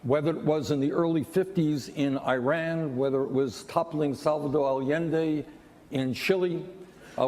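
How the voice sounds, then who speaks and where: A man answering at a debate in an earnest, slightly halting way. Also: fairly high pitch, a little mellow. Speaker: presidential candidate. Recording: reverberant hall.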